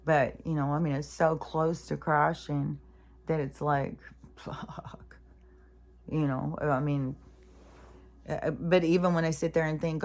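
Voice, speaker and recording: Low gravelly-voiced woman venting. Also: fairly even intonation, measured pace, darkish tone. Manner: rambling, profane, frustrated venting. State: mentally exhausted. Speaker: spiritual vlogger. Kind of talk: casual vlog monologue.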